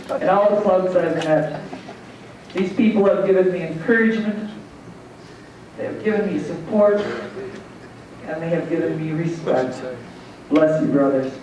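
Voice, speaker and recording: Accepting an award, a woman gives thanks in a fairly low voice, speaking a little slowly with frequent pauses as she tells a folksy joke and laughs at her own punchlines. She's recorded from a distance in an echoey hall, so the sound is dull and the background noisy.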